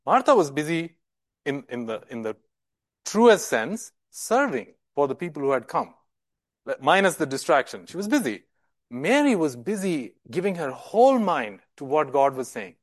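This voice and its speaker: A man's voice: on the high side, sing-song, normal speed, no echo. A male preacher giving a sermon in an emphatic way, often repeating words and asking rhetorical questions.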